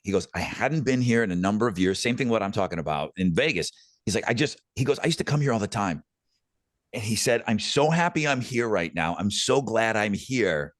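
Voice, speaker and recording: A man in his fifties who tells stories in casual podcast chat. His pitch swings widely as he gets into a tale, he swears freely and trips over his own restarts. The sound is dry and close to the mic. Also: a little fast, dry recording. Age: 50s. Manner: storytelling, animated, swearing, stammering restarts. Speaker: podcast co-host.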